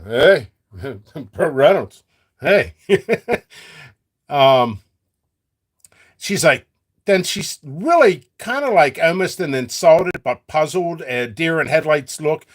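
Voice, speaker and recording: A man chatting freely to his viewers as a seed seller, his fairly high voice bouncing up and down. He jumps from topic to topic, cracking jokes and laughing along the way. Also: expressive, takes it slowly. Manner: rambling, joking, laughs a lot. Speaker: seed seller and channel host. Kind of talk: free-flowing casual talk to viewers.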